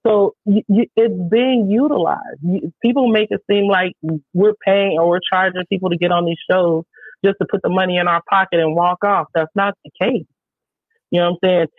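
A woman who works as a show promoter, telling stories in a casual podcast chat, animated, emphatic and heavy on swearing. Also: on the low side, normal speed, no echo. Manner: profane, animated, emphatic storytelling. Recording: dry, tinny phone-like sound.

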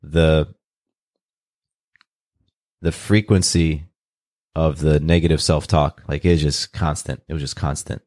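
Low voiced guy from california, earnest and open, dry close sound. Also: fairly even intonation, a little mellow, no room sound. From California, USA. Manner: open, earnest, unhurried with restarts. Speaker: guest. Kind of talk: reflective personal storytelling.

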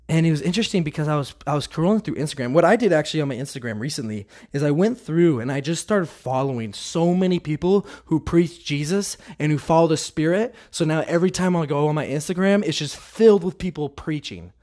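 A man's voice: fairly high pitch, a little mellow. Earnest man sharing a faith testimony. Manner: earnest, confessional, halting restarts.

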